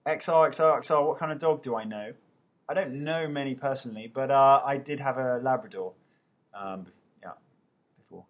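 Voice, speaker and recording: A man's voice: mid-range voice, moderate pace. A young man hosting a live webcam Q&A, chatting loosely as he reads out viewers' names and answers their questions. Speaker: TV host answering fan questions.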